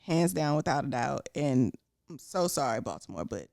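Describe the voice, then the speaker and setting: A giggly woman with a Houston Texan accent, co-hosting a casual chat. Her voice swings widely in pitch, full of animation. The sound is dry and close. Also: big pitch swings, normal speed, gravelly, darkish tone, dry recording. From Houston, Texas. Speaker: podcast co-host.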